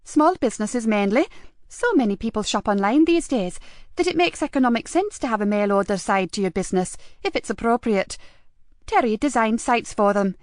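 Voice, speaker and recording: A woman's voice: on the high side, lively intonation, moderate pace, no room sound, studio quality, close to an everyday voice. A woman voicing a polite, protective middle-aged wife with an eager, fussy manner. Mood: chatty.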